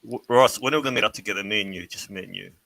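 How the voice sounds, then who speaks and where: A man's voice: fairly low pitch, very fast, gravelly, bright, forceful tone. A man chatting on a livestream who keeps saying he feels uncomfortable. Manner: awkward, nervous laughing. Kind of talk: casual livestream chat.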